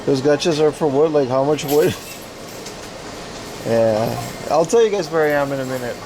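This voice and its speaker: A man's voice: a little high, normal speed, background noise. Chatty man streaming outdoors in rain. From Netherlands. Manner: chatty, rambling, laughs often. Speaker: livestream host. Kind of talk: casual IRL livestream chat. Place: outdoors on rainy mountain town streets, walking.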